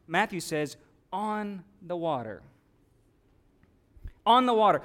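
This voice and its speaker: A man preaching a sermon with dynamic delivery, rising to loud exclamations and dropping to hushed quotes. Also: high voice, animated, takes it slowly, long pauses. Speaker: pastor.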